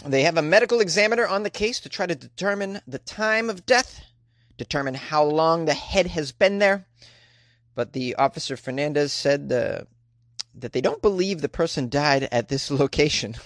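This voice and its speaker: A man's voice: a little high, animated, moderate pace, a bit bright, dry recording, studio quality. A man hosting a comedic weird-news show, reading stories aloud and riffing on them with sarcastic, mock-outraged asides. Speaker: host.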